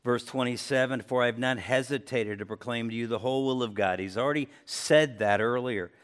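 A man preaching a sermon as pastor to his church, speaking conversationally, then rising in pitch and volume for emphasis. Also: a little fast. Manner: conversational preaching, lively swings in pitch and loudness. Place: church sanctuary.

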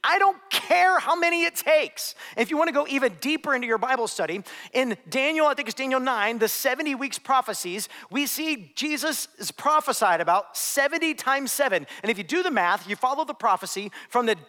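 A man preaching a sermon as a pastor, retelling a parable and acting out its voices, sometimes dropping to a hushed, low tone for emphasis. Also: animated, a little fast, long reverb tail.

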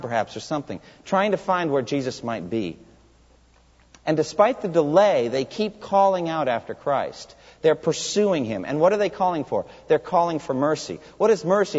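A man's voice: on the high side, darkish tone. A man preaching an expository sermon in a church sanctuary, emphatic and putting rhetorical questions to the congregation. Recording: long hall reverb, dull lo-fi sound.

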